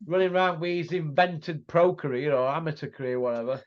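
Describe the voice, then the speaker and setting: A middle-aged man with a fairly high, fairly quick voice hosts a casual boxing chat as a pundit. He is blunt and mocking and packs his talk with rhetorical tag questions. The audio is muffled and lo-fi.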